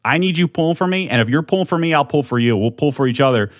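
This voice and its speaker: A man's voice: on the high side, lively intonation, rapid-fire, dry recording, studio quality. A young man hosting a solo podcast, talking in an amped, rambling way with lots of swearing and restarts at a desk mic. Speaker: podcast host.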